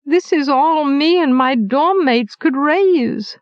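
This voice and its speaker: Woman doing a cheeky hungry apprentice boy, high and wheedling, dull lo-fi audio. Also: sing-song, a little slow, no echo. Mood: eager.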